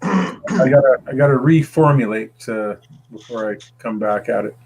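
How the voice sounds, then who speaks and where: A man's voice: mid-range voice, creaky, a little mellow, a little hiss or hum, poor audio. A man talking casually in a hesitant way, often stopping with fillers. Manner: hesitant, halting. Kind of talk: casual chat.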